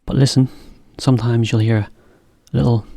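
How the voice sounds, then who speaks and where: A man giving a relaxed English lesson to Japanese learners, explaining with simple examples. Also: medium pitch, normal speed, creaky, no echo, clean studio sound. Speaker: English teacher.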